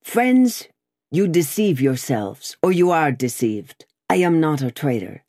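A woman's voice: on the low side, sing-song, slow pace, a little mellow, breathy edge, no echo, clean studio sound, exaggerated voice. A woman voicing an earnest young nobleman. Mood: pleading. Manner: earnest, pleading.

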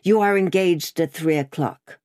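A woman's voice: fairly low pitch, darkish tone, dry recording, clean studio sound, voice pushed up, lightly acted. A woman voicing a stern, vengeful revolutionary woman. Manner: stern, cold, deliberate.

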